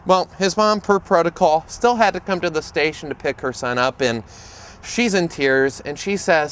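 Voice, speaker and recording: A man's voice: a little high, normal speed, a little hiss or hum. Humorous man telling stories outdoors. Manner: humorous, lively storyteller. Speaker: autism speaker and educator. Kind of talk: storytelling presentation to camera.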